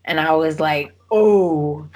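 Female podcast co-host, slow and bright, retells scenes with quoted lines. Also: lowish voice. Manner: animated retelling, acting out characters' lines. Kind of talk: casual soap opera recap chat.

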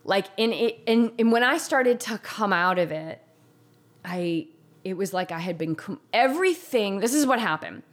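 A woman's voice: medium pitch, expressive, normal speed. A woman telling a painful personal story in an intense, confessional way, saying "like" often. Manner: intense, confessional, heavy use of "like".

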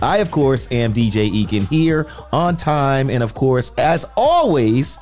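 Animated man hosting a podcast. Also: mid-range voice, soft background music. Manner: animated, teasing, drawn-out emphasis. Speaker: podcast host. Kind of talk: casual podcast chat.

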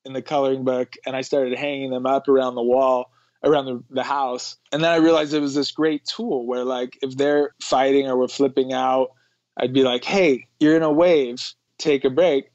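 A man's voice: mid-range voice, flat delivery, moderate pace, a little mellow, no echo. Man, podcast guest, reflective, laughs between thoughts, dull dry recording. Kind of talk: conversational interview.

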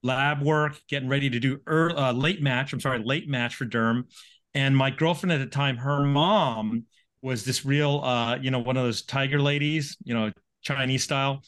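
Animated male storyteller guest. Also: mid-range voice, normal speed. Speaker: guest, neurosurgery professor. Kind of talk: storytelling in an interview.

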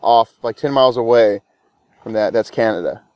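A man's voice: on the low side, normal speed, no echo, lo-fi sound. A man co-hosting a casual podcast chat, blunt and swearing freely. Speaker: podcast co-host.

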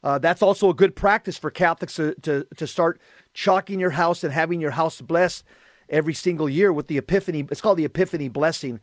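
A man's voice: a little high, fairly quick, dry recording, clean studio sound. A man hosting a talk show, speaking in an emphatic, preachy way. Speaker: host. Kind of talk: casual talk show chat.

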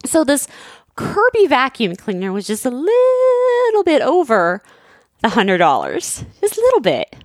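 Animated storytelling woman, lively pitch. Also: unhurried, no echo, clean studio sound. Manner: animated, acts out quoted voices; frequent "like" fillers. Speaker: storyteller with her husband. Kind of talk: casual chat.

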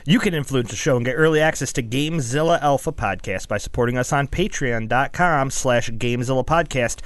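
A man's voice: on the high side, dry recording. A man co-hosting a casual gaming podcast, telling stories chattily and reading out listener questions. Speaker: podcast co-host.

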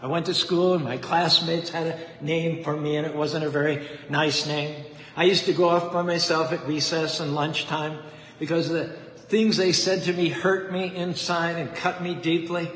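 A man delivers a devotional sermon with fervent, rhythmic repetition, building his points line by line. His voice sits fairly high. The sound carries a long hall reverb with faint ambience underneath. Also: fairly even intonation, moderate pace, fairly bright tone, a little hiss or hum. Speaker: preacher.

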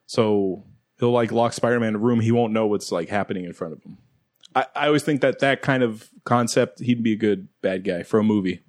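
A man's voice: fairly low pitch, fairly quick. A man co-hosting a casual movie podcast, rambling and laughing as he talks. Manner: rambling, laughs often, acts out quoted lines. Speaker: podcast co-host.

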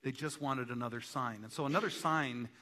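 A man preaching a sermon as pastor, animated and emphatic, acting out quotes. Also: medium pitch, a little fast, long reverb tail.

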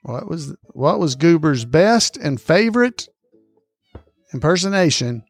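Soft music plays behind a man whose slightly high voice swings widely in pitch. He's a chuckling podcast host running a trivia quiz on a close mic, reading questions slowly and saying them twice.

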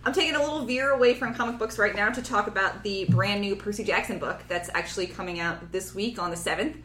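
A woman's voice: mid-range voice, fast talker, a bit bright, a little hiss or hum. A woman co-hosting a casual podcast, rambling enthusiastically and restarting her sentences. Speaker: podcast co-host. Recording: echoey room.

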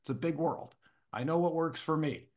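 Speaking at a normal speed with a fairly high pitch, a male interview-show guest spins a lively, relaxed anecdote. He acts out the quoted dialogue of each person in it.

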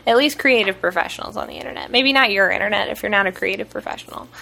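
A woman co-hosts a casual podcast, talking things through in a chatty, explanatory way. Her voice is bright and forward, sitting at an ordinary pitch. She often stops on an "um" before moving on. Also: vocal fry. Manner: chatty, explaining, frequent "um" pauses. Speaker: podcast co-host. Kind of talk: casual chat.

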